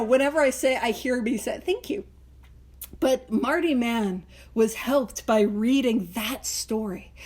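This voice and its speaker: A woman's voice: on the high side, darkish tone. A woman hosting a podcast book study, reading passages aloud and chatting with playful, joking asides. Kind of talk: casual chat reading and commenting on a text.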